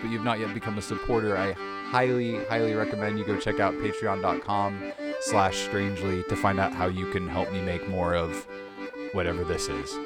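A man hosting a podcast, casually reading odd text aloud and laughing at it. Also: fairly low pitch. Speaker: podcast host.

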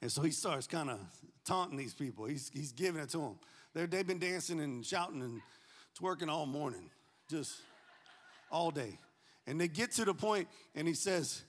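A man preaches with a fairly high voice, animated and full of jokes. He swings from loud calls to hushed asides, and the sound rings with the long reverb of a big hall. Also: moderate pace, long pauses. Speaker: pastor. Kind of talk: sermon.

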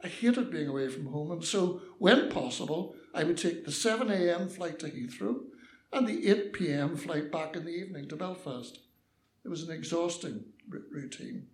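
Older Northern Irish storyteller, roomy sound. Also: male voice, on the high side, moderate pace. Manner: lively, mischievous, acts out voices. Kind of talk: personal anecdote storytelling.

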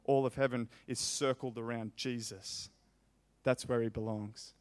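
Here the preacher's voice is clear and resonant, medium in pitch and fairly even. He reads scripture with passion, slowly stressing each word, and his repeated phrases build to a loud, forceful peak.

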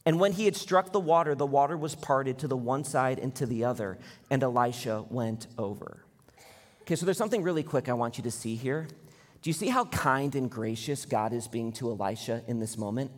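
A man's voice: mid-range voice, fairly quick. Man preaching in a reverberant church hall. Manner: storytelling, acts out quoted lines. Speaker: pastor. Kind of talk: sermon. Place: church auditorium.

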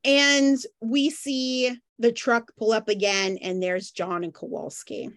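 A woman's voice: fairly high pitch, takes it slowly, no room sound. Woman recapping plot, dry close sound. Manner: narrates plot in a relaxed running summary. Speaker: podcast co-host. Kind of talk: casual chat recapping an episode.

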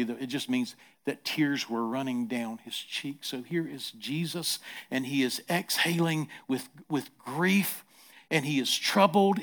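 Delivering a sermon as pastor, a middle-aged man with a fairly high pitch moves from hushed, gentle stretches to loud, forceful ones. He repeats words to build intensity.

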